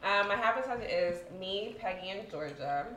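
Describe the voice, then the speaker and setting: A woman's voice: medium pitch, expressive, moderate pace, over a noisy crowd. A woman co-hosting a dinner-table chat, meandering and chatty, with many fillers as she tells a story. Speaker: co-host. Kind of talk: casual chat over dinner. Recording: echoey room with noise.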